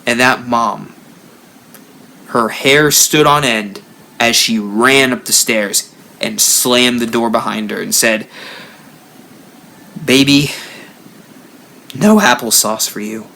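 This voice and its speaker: A man hosting a live stream, telling a spooky story with lively rises and drops. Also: mid-range voice, takes it slowly, creaky, a little hiss or hum. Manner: animated storyteller, rising and dropping for effect. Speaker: haunt builder channel host.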